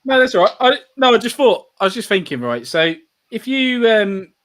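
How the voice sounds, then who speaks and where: A man, co-hosting a casual podcast, asking questions in a lively, friendly way. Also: high voice, moderate pace. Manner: lively, questioning, says mate a lot. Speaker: podcast co-host. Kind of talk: casual chat.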